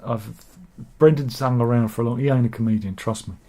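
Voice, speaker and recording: A man's voice: mid-range voice, fairly even intonation, fairly quick, mellow. A man hosting a satirical news chat show, casually reading out viewer comments with rambling, jokey and self-mocking asides.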